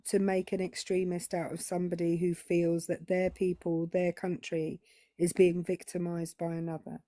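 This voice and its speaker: A woman's voice: lowish voice, dark tone, no room sound. A British woman calling in to a political debate show, asking pointed questions and arguing her case. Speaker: caller.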